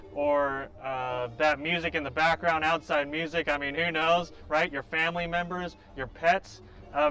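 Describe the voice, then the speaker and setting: A man who plays violin, hosting a tutorial and calmly explaining step by step, now and then singing short examples. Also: on the high side. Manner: clear, explanatory, with sung examples. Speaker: violin teacher and channel host. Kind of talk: instructional talk to camera. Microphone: home recording setup.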